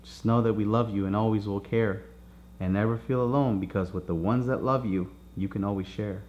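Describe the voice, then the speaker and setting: A man reading his own children's book aloud in a soft, reassuring storybook manner. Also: fairly low pitch, steady tone, fairly quick, dull audio, a little hiss or hum.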